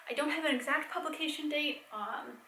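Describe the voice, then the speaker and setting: Young woman, bright higher voice, chatty rambling home vlogger, echoey room. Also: a little fast, slight background noise. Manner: chatty, rambling, with fillers and soft laughs. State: pregnant, a bit tired. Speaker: vlogger and mom. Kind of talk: casual chatty vlog. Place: home, indoors.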